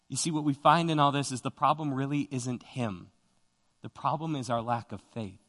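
A man's voice: medium pitch, normal speed, fairly bright tone. A young man preaching a sermon in an earnest, conversational way, often repeating himself. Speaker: pastor. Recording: long hall reverb.

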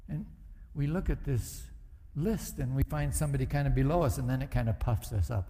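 A man's voice: medium pitch, animated, a little fast, hardly any pauses, dark tone, long reverb tail. A middle-aged male pastor preaching a sermon in a conversational way, with acted asides. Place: church sanctuary.

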